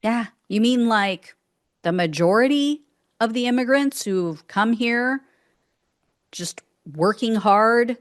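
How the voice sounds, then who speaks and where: A woman's voice: fairly high pitch, lively intonation, takes it slowly, dry recording, studio quality. Indignant, sarcastic woman political commentator. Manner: indignant and sarcastic, breaks into exasperated outbursts.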